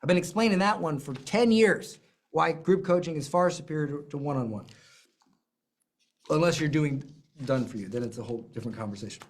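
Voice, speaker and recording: A business coach teaching a live lesson, emphatic and animated, with self-deprecating asides and repeated phrases. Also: medium pitch, fairly quick.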